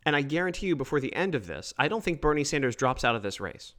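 A man giving opinionated solo political commentary, emphatic and quick to mock others. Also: a little high. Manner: emphatic, animated, mocking quoted voices.

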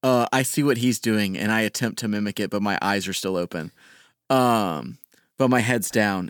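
Low-voiced man playing a tabletop game. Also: moderate pace, no echo, clean studio sound. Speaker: player. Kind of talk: casual tabletop play.

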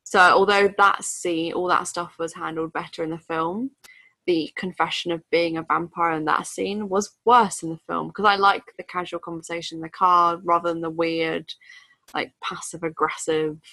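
A woman's voice: fairly low pitch, little pitch movement, moderate pace, sharp tone, no room sound. A woman co-hosting a podcast, chatting casually about a book and acting out quotes in silly voices. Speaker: podcast co-host.

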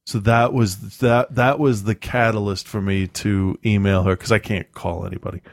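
A man's voice: on the low side, fairly even intonation, creaky, dry recording. A man in casual chat, telling rambling, profane stories with a lot of restarts and self-mocking asides. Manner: halting with frequent restarts and ums.

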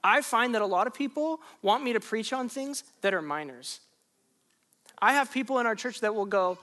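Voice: medium pitch, animated, moderate pace, a bit bright. Conversational pastor preaching a sermon. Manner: conversational, repeats phrases, asks rhetorical questions.

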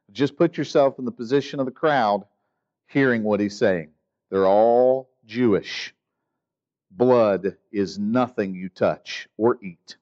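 A male pastor preaching a sermon in a lively, conversational way, sometimes acting out the people in the story. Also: lowish voice, slow pace. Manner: animated, acts out the grumbling disciples. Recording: dull lo-fi sound.

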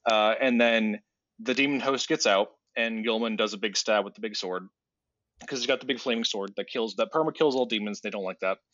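A man's voice: lowish voice, fairly quick, a bit bright, dry recording, lo-fi sound. Sarcastic man rambling through a recap. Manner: rambling, sarcastic, mock-casual. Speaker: podcast host. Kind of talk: casual chat, story recap.

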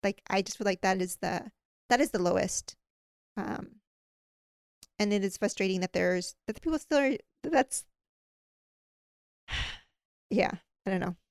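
Brief: woman guest, smooth voice, dry close sound, candid. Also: medium pitch, unhurried, long pauses, no echo. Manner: candid, frustrated, switching into Spanish. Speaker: dental hygienist and professor, guest. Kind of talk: conversational interview.

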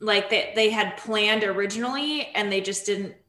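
A woman's voice: medium pitch, normal speed, pushed and bright, roomy sound. A woman co-hosting a podcast in casual chat, giggly and filling her talk with "like" as she thinks aloud. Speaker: podcast co-host.

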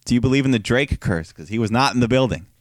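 A man co-hosts a casual podcast in a voice that swings lively up and down. He is laid-back and chimes in with quick agreements, laughs, and the odd curse. The mic is close and dry. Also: mid-range voice, no echo. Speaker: podcast co-host. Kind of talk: casual chat.

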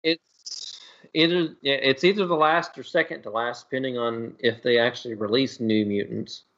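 A man's voice: mid-range voice, fairly bright tone, muffled recording. A man co-hosting a casual podcast, joking along with the others. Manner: joking, quick with gags. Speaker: podcast co-host.

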